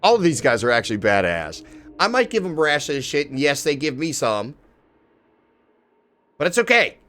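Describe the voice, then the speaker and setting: A man chatting casually on a live stream, excitable and swearing, shouting out viewers in chat. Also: a little high, moderate pace. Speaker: livestreamer.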